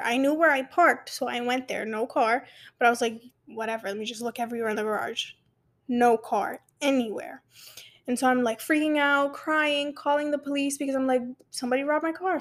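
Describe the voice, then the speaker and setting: A young woman telling a personal story and giving advice in a chatty, animated way, often restarting her sentences. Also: on the high side. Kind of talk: casual personal advice talk.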